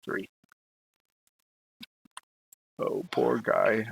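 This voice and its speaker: A man's voice: lowish voice, very animated, takes it slowly, vocal fry, breathy edge, low-quality recording. A man narrating a tabletop game as game master, hesitant with many fillers as he describes the action.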